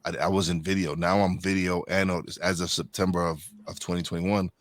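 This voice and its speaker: A man's voice: low-pitched, flat delivery, a little fast. A man hosting a podcast, chatting casually and rambling through many restarts and self-corrections. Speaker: podcast host. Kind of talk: casual interview chat.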